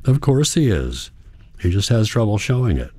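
A man's voice: lowish voice, very animated, moderate pace, mellow, husky, no room sound, studio quality, voice pushed up. A man voicing a worried young woman, a university student pleading earnestly with her grandfather. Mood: firm.

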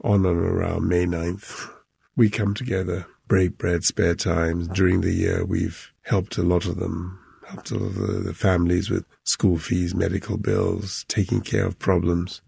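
A man's voice: sits low, little pitch movement, a little slow, gravelly, darkish tone, breathy edge, dry recording, clean studio sound. A middle-aged man, a former football club chairman giving grave, emotional interview testimony that sometimes drops to a near whisper.

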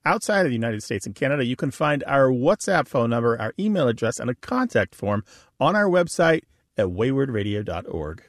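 A man's voice: medium pitch, big pitch swings, fairly quick, no echo, studio quality. Man co-hosting a language radio show.

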